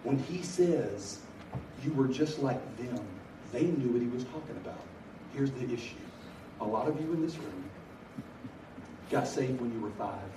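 A middle-aged man preaches a sermon to a large room at a college gathering, telling stories with bursts of energy and excitement. His mid-range voice moves at a measured pace with frequent pauses over a noisy background. The recording is echoey and distant, with faint ambience.

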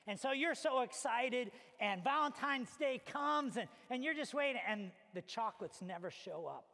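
High-voiced pastor preaching in a reverberant hall. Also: male voice, normal speed, few pauses. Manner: animated storytelling, acts out little scenes. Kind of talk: sermon. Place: church hall.

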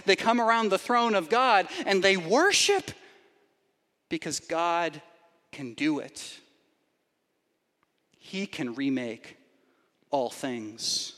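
A male pastor preaching a sermon, swinging from hushed emphasis to lively, urgent delivery. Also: high-pitched, long reverb tail. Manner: dynamic preaching, drops to quiet emphasis then rises.

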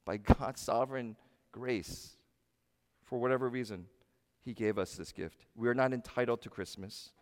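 A man preaching a sermon as pastor, emphatic and animated, asking his listeners rhetorical questions. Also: medium pitch, long reverb tail.

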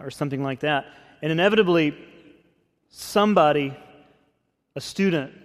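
A man pastor preaching a sermon in a conversational, expressive way. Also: a little high. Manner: conversational, expressive, acts out scripture quotes. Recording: long hall reverb.

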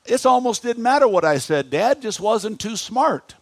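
High-voiced animated male preacher. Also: moderate pace, dry recording, studio quality. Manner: animated preacher who asks the congregation questions. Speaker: pastor. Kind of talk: sermon. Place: church.

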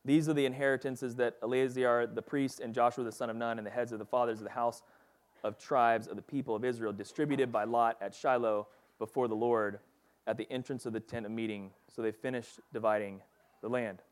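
A man's voice: mid-range voice, fairly even intonation, brisk. A man giving a casual, conversational Bible teaching, reading passages and talking them through with lots of fillers. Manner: casual and chatty, with frequent fillers like "like" and "you know".

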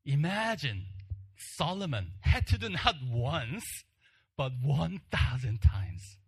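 Man, preacher, fairly high-pitched, animated storytelling, hushed emphasis. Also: slow, slightly rough. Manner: animated storytelling, acting out the crowd's shouts. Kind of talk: sermon with personal story.

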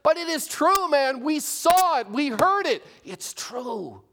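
A man's voice: high voice, very animated, unhurried, a bit bright, pitched above the performer's own voice, exaggerated voice. A man reading aloud and voicing a plain, earnest shepherd who tells his story eagerly. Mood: insistent.

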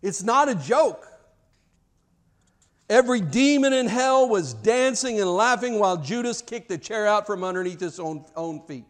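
A man delivers a fervent sermon in a high-pitched voice. He drives his points home through repetition, stumbling over words as he builds toward loud, passionate cries. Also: animated, normal speed. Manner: impassioned, rising to loud cries, repetitive emphatic phrasing. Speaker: preacher.

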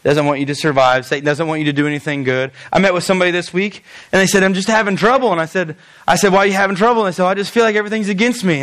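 High-voiced man preaching a sermon. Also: racing. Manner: animated and conversational, with stammering restarts. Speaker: pastor.

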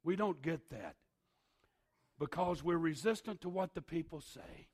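Male pastor, raspy and gravelly, slightly high, emphatic sermon with shouts and hushes. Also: expressive, unhurried.

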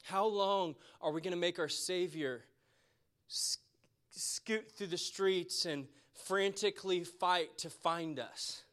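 A man preaching a sermon with passion, repeating phrases for emphasis and going soft and quiet toward the close. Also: high voice, takes it slowly. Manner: impassioned, repeats phrases for emphasis, drops to a soft tone near the end.

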